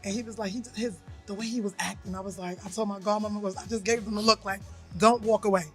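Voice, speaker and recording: A woman's voice: mid-range voice, steady tone, quick pace, fairly bright tone, faint music behind. A woman co-hosting a podcast, telling a personal story bluntly in casual chat and acting out the voices she quotes. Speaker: podcast co-host.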